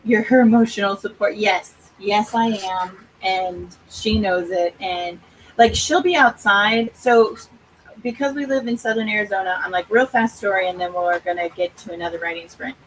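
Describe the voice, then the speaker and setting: Middle-aged lady hosting a livestream, chatty and upbeat, mid pitch, a little faint noise behind her. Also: normal speed, low-quality recording. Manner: chatty, upbeat, laughs often. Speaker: livestream host of writing sprints. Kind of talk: casual live-stream chat.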